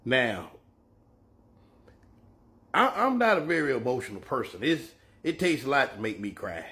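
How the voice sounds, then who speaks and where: A man's voice: medium pitch, sing-song, measured pace, bright, forceful tone. A man ranting casually in a profane, boastful way. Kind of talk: casual rant.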